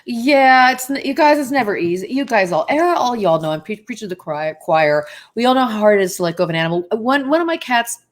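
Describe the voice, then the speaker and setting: A woman's voice: a little high, expressive, fast talker, few pauses. Chatty woman medium on a video call. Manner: chatty, digressive, speaks straight to viewers. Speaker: psychic medium guest. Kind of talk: casual live interview.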